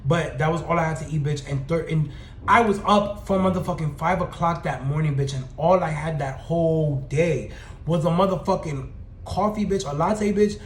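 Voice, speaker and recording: A young man telling a storytime tale in an animated, profane, slang-heavy and sassy way. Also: on the high side, moderate pace, a little hiss or hum. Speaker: storytime vlogger. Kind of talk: casual storytelling rant. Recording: roomy echoey room.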